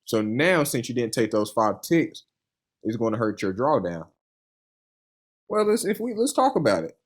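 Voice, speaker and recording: Speaking at a medium pitch and a moderate pace, a young man lets his voice rise and fall in a sing-song way. He's a funded trader giving an interview, relaxed and earnest, spinning loose stories studded with "you know" and "man," and he sounds eager and sincere.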